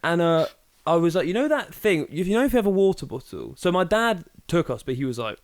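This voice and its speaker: A young man tells stories to a friend in easy, profane chat. His voice sits slightly high and swings widely as he acts out the people in his tales. The sound is dry and close. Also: a little fast, dry recording. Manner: animated storyteller, acts out voices, swears freely. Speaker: podcast co-host. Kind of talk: casual chat.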